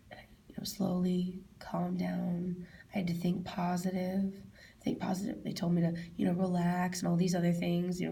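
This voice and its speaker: A woman answering interview questions, telling a personal memory in a halting way, repeating herself and often dropping to a soft, whispery voice. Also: lowish voice, creaky. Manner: halting, repeats herself, quotes her own past words loudly.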